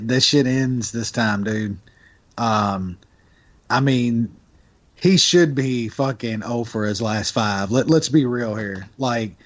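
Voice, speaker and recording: A man co-hosting a podcast, talking bets in a blunt, profane, emphatic way. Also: mid-range voice. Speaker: podcast co-host. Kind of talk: casual sports betting chat. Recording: dull lo-fi sound.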